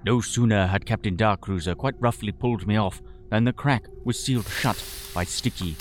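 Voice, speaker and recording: Low-voiced man in pompous storytelling. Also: normal speed, background noise. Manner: pompous, florid Victorian gentleman's tone. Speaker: storyteller and sole voice actor. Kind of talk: scripted audio drama narration.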